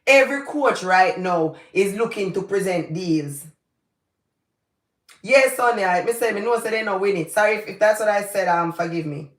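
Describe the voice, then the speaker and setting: A woman's voice: medium pitch, moderate pace, reverberant. A Jamaican woman hosting her channel, giving passionate, emphatic live commentary and slipping into patois. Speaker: channel host.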